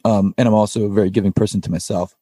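A man's voice: lowish voice, fairly even intonation, very fast, warm tone, dry recording, clean studio sound. A man, a podcast guest who sings in a metal band, tells a personal story in a casual, rambling way, full of "like" and "you know" and the odd swear word.

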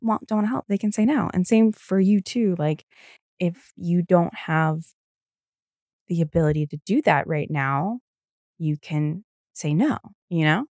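A young woman hosts a solo podcast in a low, gravelly voice. She sounds tired and yawns now and then. She rambles on casually with lots of fillers and easy swearing. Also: brisk, a little mellow, no echo, clean studio sound. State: tired, yawning. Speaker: podcast host.

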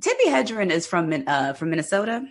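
Husky low-voiced woman, wry and sarcastic. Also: huge pitch swings, brisk. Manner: wry, sarcastic, laughs often. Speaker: podcast co-host. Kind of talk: casual film discussion chat.

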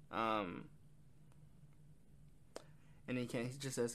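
A man's voice: mid-range voice, moderate pace, gravelly, long pauses, fairly bright tone. A man casually reviewing an album, rambling with frequent ums and quoting lyrics. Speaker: music reviewer.

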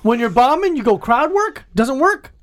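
High-voiced man trading crude insults. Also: sing-song, normal speed. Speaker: comedian. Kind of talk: casual comedy podcast banter.

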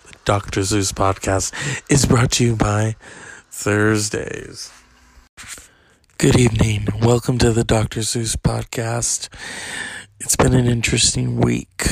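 A man hosting a podcast who rambles slowly and sardonically, swearing freely. His voice has a gravelly fry, and the sound is dry and close. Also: medium pitch, level tone, no room sound. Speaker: podcast host.

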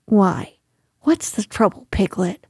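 A woman voicing a brisk, bossy male rabbit who is hatching a plan, in a storybook reading. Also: mid-range voice, animated, mellow, husky, no echo, studio quality, heavily acted.

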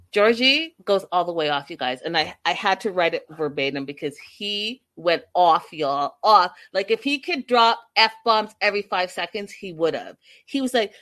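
Animated, sassy woman streamer. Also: lowish voice, normal speed, hardly any pauses. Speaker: livestream host recapping reality TV. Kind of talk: casual live-stream commentary.

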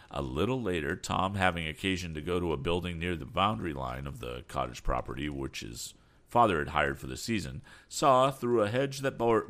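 Brief: male narrator, very low voice, lively intonation, expressive reading. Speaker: audiobook narrator. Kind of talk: scripted narration.

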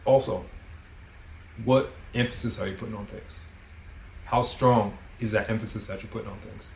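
A man's voice: lowish voice, fairly even intonation, moderate pace, creaky, slight background noise. Preachy motivational podcast man, roomy sound. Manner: preachy, coaching, swears freely. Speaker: podcast host. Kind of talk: motivational monologue.

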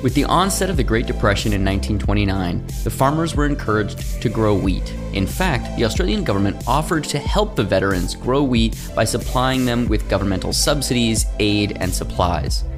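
A man's voice: expressive, moderate pace, few pauses, music in the background. Sarcastic man narrating history. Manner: sarcastic, swears, jumps to high mocking voices. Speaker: podcast host. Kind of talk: scripted history narration with casual banter.

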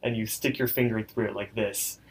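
A man's voice: on the low side, fairly even intonation, brisk, low-quality recording. A man co-hosting a casual podcast, telling rambling stories full of "like" fillers and breaking into giggles. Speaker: podcast co-host. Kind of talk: casual chat.

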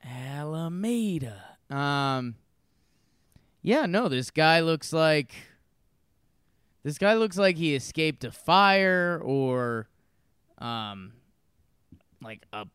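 A man casually chatting as a podcast co-host, dropping deadpan, dark one-liners. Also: fairly high pitch, extremely slow, long pauses, clear, resonant tone, no room sound, studio quality. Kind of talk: casual comedic chat.

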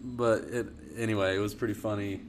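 A man's voice: lowish voice, fairly even intonation, fairly quick, a little hiss or hum. A young man casually telling a long, funny personal story on a podcast. He laughs often and restarts his sentences a lot. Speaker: storyteller guest.

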